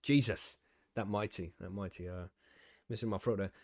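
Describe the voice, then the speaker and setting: A man's voice: fairly low pitch, steady tone, normal speed, a little mellow, dry recording, studio quality. A man hosting a casual podcast chat, joking around and laughing often. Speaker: podcast host.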